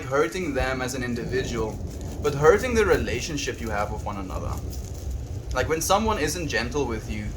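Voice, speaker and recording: Man, South African accent, soft-spoken, reflective, casual livestream chat, mid pitch. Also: slight background noise.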